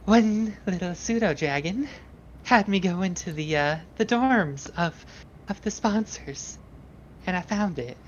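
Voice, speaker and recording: A flustered young woman who stammers and trips over her excuses, as a woman player voices her. Her voice sits low and a touch muffled, recorded lo-fi. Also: animated, a little slow, slight background noise. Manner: nervous, stammering, sulky. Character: flustered, sheepish young woman caught snooping.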